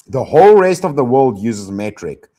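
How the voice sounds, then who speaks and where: A man's voice: mid-range voice, mellow. A young South African man hosting a stream, chatting in a teasing, rambling, slangy way. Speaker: streamer host. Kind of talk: casual reaction stream chat.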